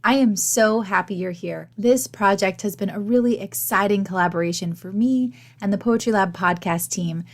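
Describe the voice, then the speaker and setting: A woman hosting a solo podcast, talking in a candid, chatty, self-deprecating way, her voice gravelly and worn after losing it. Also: mid-range voice, moderate pace, hardly any pauses. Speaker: podcast host and teaching artist.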